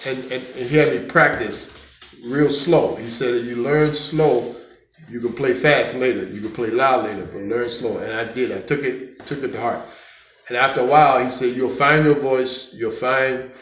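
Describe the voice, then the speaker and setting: A man in his fifties from the United States, casually telling stories about his life as a conga player, halting and rambling with many fillers and restarts. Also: medium pitch, steady tone, a bit bright. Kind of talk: casual storytelling. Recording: echoey room, faint background noise.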